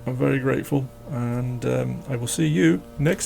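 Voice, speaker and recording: Gravelly man chatting while drawing. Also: mid-range voice, normal speed, hardly any pauses, loud music behind the voice. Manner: rambling, jokey, talks to his dog. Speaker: drawing channel host. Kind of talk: casual chat while drawing.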